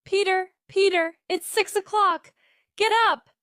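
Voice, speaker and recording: A woman voicing an anxious mother who shouts up the stairs to wake her grown son, in a storybook reading. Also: on the high side, lively intonation, measured pace, no echo, clean studio sound, voice pushed up. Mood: shouting.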